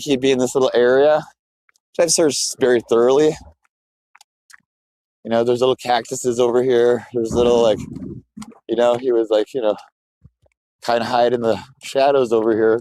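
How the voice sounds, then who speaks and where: A man's voice: mid-range voice, dark tone, rough recording. A man live-streaming from his phone while walking outdoors, chatting loosely with his viewers in a rambling, scattered way. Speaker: livestreamer. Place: outdoors, walking through a neighborhood.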